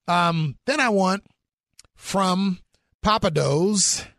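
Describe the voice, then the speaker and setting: A man's voice: high voice, drawn-out words, fairly bright tone, no room sound, clean studio sound. A middle-aged man in an enthusiastic interview chat, exclaiming about food. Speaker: guest.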